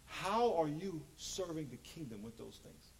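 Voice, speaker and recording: A man preaching a sermon as pastor, animated and joking, acting out quotes. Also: fairly high pitch, measured pace, vocal fry, poor audio.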